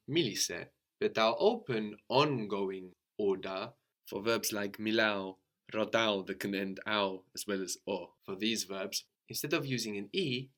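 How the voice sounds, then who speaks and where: A male language teacher with a fairly low voice leads a guided lesson. He is patient and keeps prompting his student with questions. He often checks in with a quick "no?" at the end of a point. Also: fairly bright tone.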